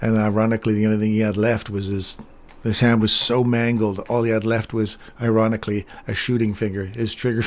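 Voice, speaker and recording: A man's voice: on the low side, darkish tone. A man hosting a livestream, casually telling rambling anecdotes with chuckles and plenty of fillers. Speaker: trading livestream host.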